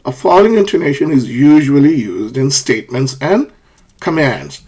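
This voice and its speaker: Husky-voiced man teaching intonation. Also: expressive, normal speed, a little mellow. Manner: demonstrates rising and falling pitch, repeats example sentences. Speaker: English teacher. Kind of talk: pronunciation lesson.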